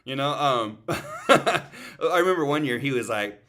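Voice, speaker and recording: A man's voice: medium pitch, expressive, normal speed, bright, forceful tone. Slangy, profane man in casual chat. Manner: slangy, swears a lot, calls people "dog". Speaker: podcast co-host. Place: away from home on a family road trip. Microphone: streaming setup.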